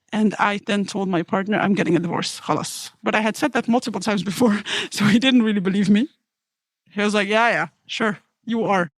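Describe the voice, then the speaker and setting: A woman's voice: mid-range voice, no room sound. A woman tells her personal story in an earnest, heartfelt way and acts out the lines of dialogue. The recording is dry and close, with no room sound. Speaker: storyteller guest. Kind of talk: personal testimony.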